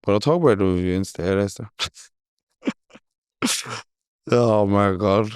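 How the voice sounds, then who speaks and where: A man's voice: fairly low pitch, unhurried, a little mellow, clean tone, dry recording, clean studio sound. A man hosting a podcast in casual chat, telling stories animatedly, swearing freely and laughing often. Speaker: podcast host.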